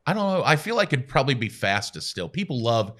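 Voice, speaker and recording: A man in his forties, a radio guest telling self-deprecating stories in casual chat and acting out quotes with a jump in pitch. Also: big pitch swings, quick pace, a bit bright. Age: 40s.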